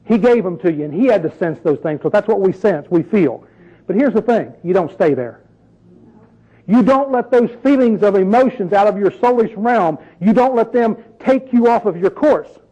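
Preacher guy, high voice but dark and mellow, talks straight to folks with questions. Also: lively intonation, normal speed, dull audio. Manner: conversational, rhetorical questions, emphatic. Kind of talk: sermon.

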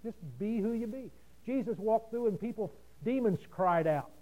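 A man preaching a sermon, folksy and rhetorical, swinging from loud emphasis to quiet asides. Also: high voice, expressive, normal speed, rough recording.

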